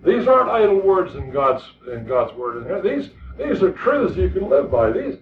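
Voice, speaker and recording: A high-voiced man delivers a very animated sermon at normal speed, earnest and emphatic, repeating words again and again as he drives a point home. Distant, echoey and tinny, the lo-fi recording also carries a little hiss or hum.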